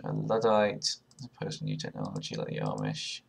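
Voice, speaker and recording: A man's voice: very deep voice, sing-song, fairly quick, gravelly, slight background noise. A young man casually commenting while taking an online quiz, thinking aloud and swearing sarcastically. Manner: sarcastic, swears often, sudden loud outbursts; thinks aloud, muttering guesses. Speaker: video creator.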